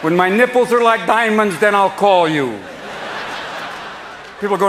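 A man performing a live stand-up comedy set, rapid and manic, jumping between voices. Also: high voice, fairly bright tone. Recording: live club recording with crowd laughter and noise.

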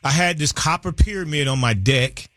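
A man in his fifties chats as a guest on a radio countdown show. He tells his stories in a loose, animated way and laughs along the way. His voice sits a bit high, and the studio sound is close and dry. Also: moderate pace, no echo, faint music behind. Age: 50s. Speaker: guest artist. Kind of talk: casual interview chat.

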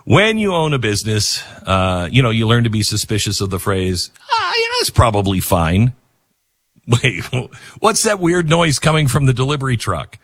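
A middle-aged man hosting a talk radio show, rambling and self-deprecating, reading ads live and leaping into a high mocking voice. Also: sing-song, moderate pace, fairly bright tone, dry recording.

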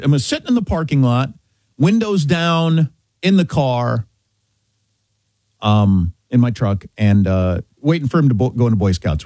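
A man's voice: medium pitch, darkish tone, dry recording. A middle-aged man from Kansas hosting a talk show, telling a story in casual chat with emphatic restarts. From Kansas, USA.

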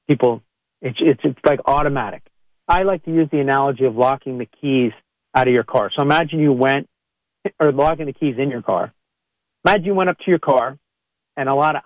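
A man's voice: medium pitch, dry recording, phone-quality sound. A man, a chiropractor, speaking to podcast listeners in a conversational monologue and acting out what people say. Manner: conversational, acts out quoted people in a raised voice.

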